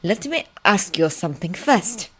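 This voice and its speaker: A woman voicing a kindly old male librarian who questions gently and wryly. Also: medium pitch, sing-song, a little slow, breathy edge.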